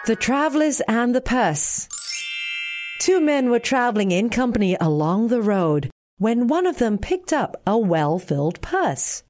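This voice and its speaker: A woman with a Singaporean accent reading a bedtime fable aloud in a gentle, expressive way. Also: fairly high pitch, unhurried, soft background music. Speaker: narrator.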